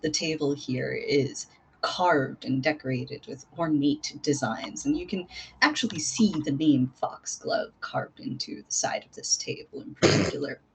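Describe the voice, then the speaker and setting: A woman's voice: sits low, expressive, measured pace, slight background noise, rough recording. A woman game master narrating a tabletop role-playing session in a playful manner, often breaking into laughter.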